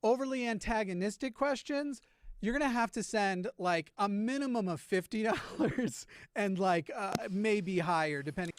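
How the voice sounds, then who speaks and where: A man's voice: sits high, expressive, normal speed, no echo. A man talking casually on a livestream, hesitant, with many "uh" and "like" fillers and restarts. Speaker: livestreamer in a played clip.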